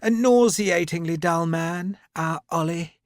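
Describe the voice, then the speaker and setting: An audiobook narrator voicing a smooth, cheerfully mocking aristocratic renegade officer. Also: male voice, fairly high pitch, a little slow, no room sound, clean studio sound, voice pushed up, close to an everyday voice. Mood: urbane, mocking. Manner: urbane, mocking, genteel.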